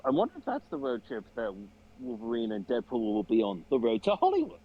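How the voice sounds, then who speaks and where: Male panelist, casual chat, animated pitch, wry humor. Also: fast, husky, muffled recording.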